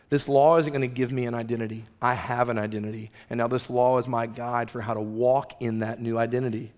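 Earnest male preacher in a reverberant hall. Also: mid-range voice. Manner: earnest, conversational preaching with rhetorical questions. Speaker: pastor. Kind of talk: sermon.

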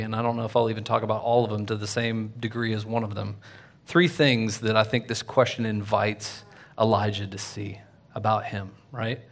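A man preaching a sermon in a casual, conversational way, full of fillers and "right?", swinging from loud and lively to quiet. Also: on the low side, vocal fry. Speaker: pastor.

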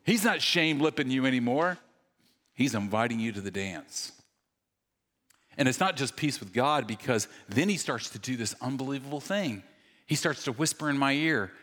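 A man preaching from a church stage, his voice animated and swinging between punchy jokes and quieter earnest moments. He pokes fun at himself with quick bursts of humor. A long, ringing reverb from the large hall trails every phrase. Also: mid-range voice. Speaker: pastor. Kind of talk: sermon.

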